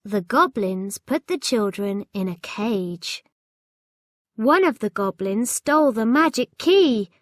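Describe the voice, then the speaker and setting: A woman reading a children's storybook aloud in a slow, clear and expressive way. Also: fairly high pitch, dry recording, studio quality. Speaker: storybook reader.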